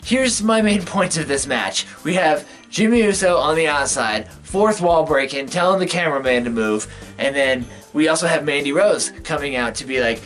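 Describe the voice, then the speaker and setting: A man hosting a casual recap vlog, slangy and excitable, whose voice jumps up in pitch for emphasis. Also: moderate pace, faint music behind. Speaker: video host.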